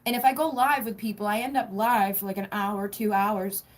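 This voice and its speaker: A woman's voice: medium pitch, steady tone, fairly quick. Chatty, giggly woman tarot livestreamer. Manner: chatty, giggly, swears casually. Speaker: tarot reader livestream host. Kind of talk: casual livestream chat. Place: home, indoors.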